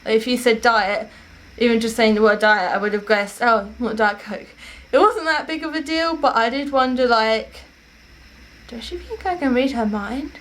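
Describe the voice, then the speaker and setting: A woman's voice: fairly high pitch, lively intonation, moderate pace. A young woman, casually telling stories to camera at home in a rambling, self-correcting way. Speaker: vlogger.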